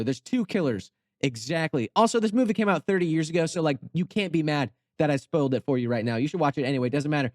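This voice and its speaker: A man's voice: a little high, dry recording, clean studio sound. A young man hosting a channel, retelling a horror movie with goofy, rambling, sarcastic asides. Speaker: channel host. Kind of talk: comedic storytelling commentary.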